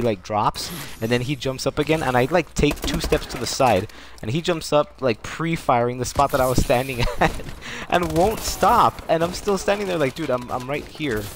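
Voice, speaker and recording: A man streaming a shooter game in casual, excitable commentary, joking, swearing and laughing often. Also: mid-range voice, normal speed, noisy background. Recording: loud game gunfire behind voice.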